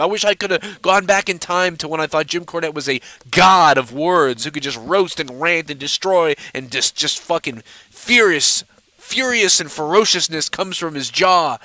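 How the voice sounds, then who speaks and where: A man's voice: a little high, sharp tone, no echo, rough recording. A male live-show host in a mocking, combative rant to camera, swearing heavily. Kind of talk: angry profane rant to camera. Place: seated at home in front of a camera.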